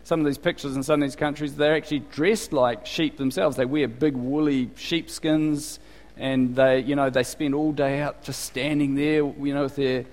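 A male preacher with a New Zealand accent gives a chatty, conversational sermon and keeps asking his listeners questions. His voice sits at an ordinary pitch, neither high nor low. The room has a long, hall-like reverb. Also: fairly even intonation, moderate pace, a little mellow. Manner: chatty, asks the congregation questions.

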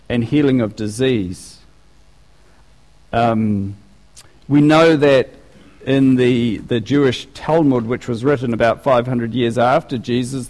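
A man delivers a sermon with lively, conversational energy, stopping and restarting his phrases as he works through his point. His voice sits at an ordinary middle pitch and carries a long reverb, as if preaching in a large church hall. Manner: animated, conversational, with frequent restarts.

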